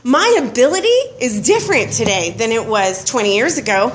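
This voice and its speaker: At a recovery meeting, a middle-aged woman tells her story candidly and profanely, animating her retellings and breaking into bursts of laughter. Her voice is on the high side and fairly quick, with a little hiss or hum in the recording.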